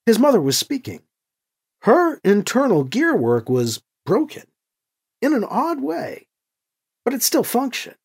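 A slow, husky audiobook narrator with a lively, swinging pitch. The voice stays measured and expressive through the scripted narration.

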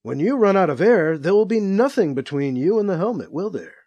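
A man voicing a sinister alien who slowly taunts a trapped man, repeating himself with creeping menace. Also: sits high, big pitch swings, mellow. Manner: slow, creeping, repetitive menace.

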